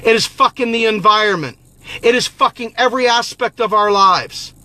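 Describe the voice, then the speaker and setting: Fiery, profane man with a high voice. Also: moderate pace, sharp tone, no room sound. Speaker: political activist host. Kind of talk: impassioned political monologue.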